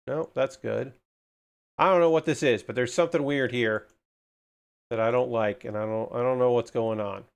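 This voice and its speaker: Male hobby streamer, casual and excitable, mutters to himself, swears a lot, ordinary mid-range voice. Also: medium pitch, moderate pace, vocal fry, clear, resonant tone. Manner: excitable, gushing about kits. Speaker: livestreamer building model kits. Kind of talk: casual livestream chat.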